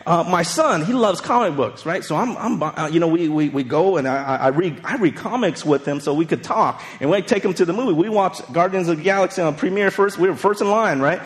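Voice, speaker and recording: A man's voice: on the high side, lively intonation, brisk, hardly any pauses, big-room sound. A man in his forties preaching a casual, conversational sermon, telling stories and checking in with frequent asides. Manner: chatty, storytelling, frequent "right?" asides. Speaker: pastor.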